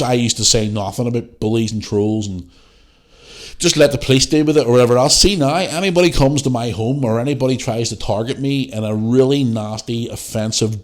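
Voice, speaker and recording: A man hosting his podcast, talking bluntly and swearing freely as he rants. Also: medium pitch. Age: adult parent. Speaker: podcast host. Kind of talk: casual solo podcast talk.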